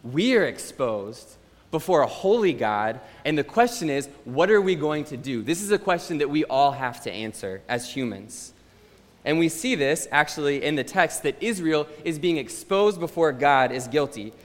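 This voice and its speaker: A man preaching a sermon in a relaxed, conversational way, telling a personal story with plenty of ums and uhs. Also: fairly high pitch, moderate pace. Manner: conversational, relaxed, frequent um and uh fillers. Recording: long hall reverb.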